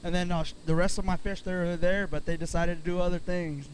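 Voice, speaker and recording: A man, a pro angler at a weigh-in, talking haltingly with many fillers and restarts. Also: high voice, flat delivery, slight background noise, rough recording.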